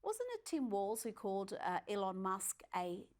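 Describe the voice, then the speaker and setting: A woman host delivers scripted news commentary in a sarcastic, mocking tone. Her voice sits at an ordinary middle pitch. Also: big pitch swings, moderate pace, darkish tone.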